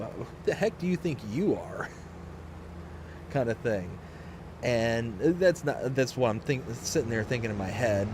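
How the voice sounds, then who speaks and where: A man's voice: medium pitch, noisy background. Rambling man in his late twenties. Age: late 20s to early 30s. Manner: rambling, chatty, frequent restarts. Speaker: livestream host. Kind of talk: casual storytelling while streaming a game.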